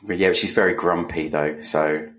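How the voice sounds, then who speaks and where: A man with a lowish voice hosts a relaxed podcast chat. He tells his stories with a dry, self-deprecating wit. The delivery is loose and conversational. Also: moderate pace. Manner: dry, self-mocking storyteller. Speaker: podcast co-host. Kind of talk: casual chat.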